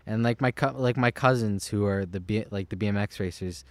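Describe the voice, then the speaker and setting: Teen guy, rambly podcast co-host, lowish pitch, dry close sound. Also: fairly quick, no room sound. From Canada. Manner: rambling, full of "like" fillers. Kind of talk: casual chat.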